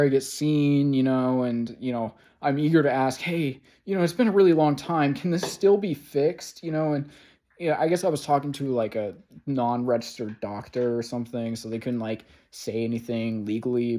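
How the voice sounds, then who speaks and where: A young man talks straight into a camera in a room at home, rambling through a long, frustrated story. He swears often and leans on fillers. Now and then he breaks into loud, sarcastic outbursts. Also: mid-range voice. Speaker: vlogger. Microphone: camera mic.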